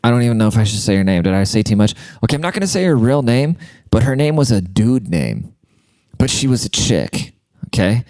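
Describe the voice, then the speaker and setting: Low, mellow-voiced man telling crude stories. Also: very animated, a little fast, no room sound, clean studio sound. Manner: rambling and crude, heavy use of "like". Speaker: podcast host and comedian. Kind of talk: casual comedic storytelling.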